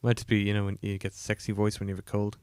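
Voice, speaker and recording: Croaky and yawning as a cold sets in, an indie game developer rattles through commentary on his code during a livestream, fast and completely flat. His voice is gravelly, lower than usual, a bit mellow, full of fillers and self-mockery, captured dry with no room around it.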